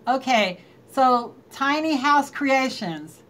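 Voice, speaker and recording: A woman's voice: sits high, animated, slow pace, fairly bright tone. A woman hosting a casual live stream, chatting and greeting viewers by name and laughing often. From North Carolina.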